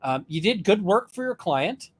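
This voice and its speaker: With a high, husky voice at a moderate pace, a lawyer co-hosting a casual podcast chat animatedly retells a courtroom story. He leans on lots of fillers and acts out the quoted dialogue.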